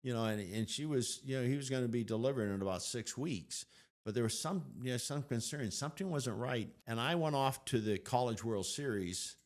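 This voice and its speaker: Appearing as a guest on an interview show, an older man tells his story with animation, acting out what people said. His pitch is medium and his delivery brisk.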